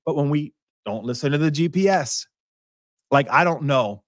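A man's voice: on the high side, lively intonation, moderate pace, no room sound, studio quality. A man preaching a sermon in a conversational, storytelling way, full of asides and questions to the listeners. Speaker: pastor.

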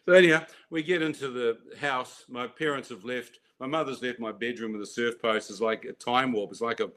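A man telling his personal faith testimony in an animated way, acting out voices and laughing at his own story. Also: mid-range voice, fairly quick.

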